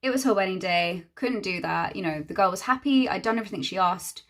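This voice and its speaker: With lively intonation and a fairly bright tone, a young woman talks a little fast at medium pitch. She's a hairstylist recounting a chatty, exasperated story as she does her makeup, acting out what the other people said.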